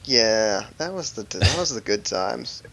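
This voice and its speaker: A young man co-hosting a casual gaming podcast, animated and swearing as he laughs his way through stories. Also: lowish voice, unhurried, gravelly, over a noisy crowd. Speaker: podcast co-host.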